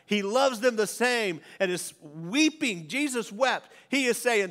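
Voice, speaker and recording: A male pastor preaching a sermon, swinging from raised declarations to hushed near-whispers. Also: high voice, animated, unhurried, few pauses. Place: church sanctuary. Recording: church hall reverb.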